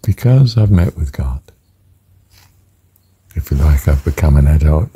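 A man giving a musing spiritual talk, slow and ponderous, turning phrases over and repeating them. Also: extremely low pitch, lively intonation, warm tone, husky. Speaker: speaker reflecting on a spiritual phrase.

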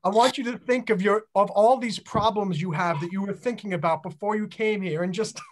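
A woman's voice: medium pitch, fairly quick, a little hiss or hum. A woman leading a laughter yoga group on a video call, coaxing people and laughing through her words.

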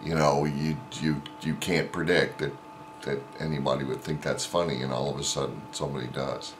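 A man's voice: a bass voice, flat delivery, brisk, background noise. A man vlogger casually telling an anecdote in a rambling way, with many fillers and restarts. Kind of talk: casual storytelling.

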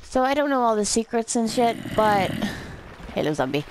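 A woman's voice: fairly high pitch, very animated, moderate pace, noisy background. Tipsy woman rambling over gameplay. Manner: rambling, swears a lot, easily amused. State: drunk. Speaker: gameplay commentator. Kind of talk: rambling let's-play commentary.

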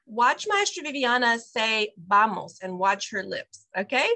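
A bilingual preschool director teaches parents Spanish online over what sounds like a video call. Her voice is bright and a little high, very animated, and she explains patiently, saying each phrase slowly so listeners can repeat it.

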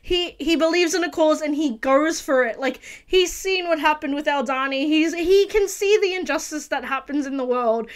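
A woman's voice: sits high, normal speed, few pauses. A woman hosting a casual video reaction review, talking earnestly and gushingly with many restarts and fillers. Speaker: reaction channel host.

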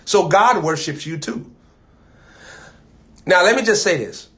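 An American man preaching a sermon, chanting and repeating phrases, swinging from loud to soft. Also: high-pitched, lively intonation, unhurried.

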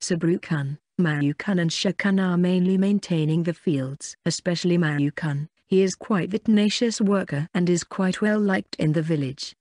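A synthetic narrator voicing an eccentric, boastful man from a village, speaking slowly and fervently. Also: medium pitch, a little mellow, dry recording, clean studio sound, natural voice. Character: eccentric village chief's son, male, boastful zealot.

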